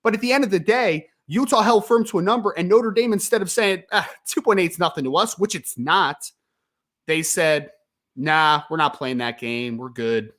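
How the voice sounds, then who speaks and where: A man hosting a live sports talk stream, ranting with frustration and emphasis, apologizing and calming down, then reading viewer questions. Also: high-pitched, moderate pace. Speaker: sports podcast host.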